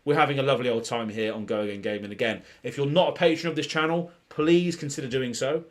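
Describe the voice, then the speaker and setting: A man's voice: medium pitch, quick pace. A British man hosting a casual live stream of card pack openings, rambling and joking with lots of "um" and restarts. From Britain. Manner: rambling and jokey, full of "um" and restarts.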